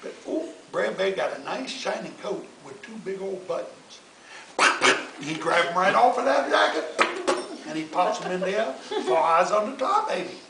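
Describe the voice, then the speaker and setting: A man telling folk tales to his family in an animated, folksy way. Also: sits high, moderate pace, vocal fry. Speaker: family storyteller. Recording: distant echoey noisy home recording.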